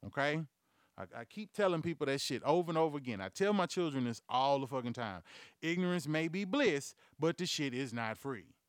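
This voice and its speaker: Profane, animated man ranting. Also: fairly high pitch, fairly quick, clear, resonant tone, no echo, studio quality. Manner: profane, loud, animated storytelling; acts out quoted voices. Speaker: podcast host. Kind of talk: comedic news rant.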